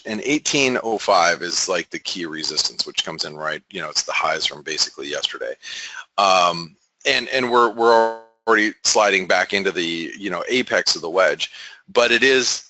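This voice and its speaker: A man giving casual market analysis, halting with many fillers and restarts. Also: deep voice, bright, forceful tone, dry recording, poor audio.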